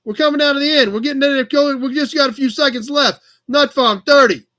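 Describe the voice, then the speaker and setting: A man's voice: extremely high pitch, fast talker, pushed and bright, pitched above the performer's own voice. A man putting on a brash New York auctioneer. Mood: hamming. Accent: put-on New York. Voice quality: hammy, brash. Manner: calling out bids in a put-on accent.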